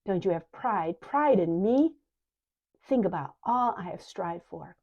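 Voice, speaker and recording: A woman's voice: mid-range voice, animated, measured pace, gravelly. A woman voicing an arrogant, ambitious man who speaks in a sing-song, commanding way. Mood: indignant. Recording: dull lo-fi recording.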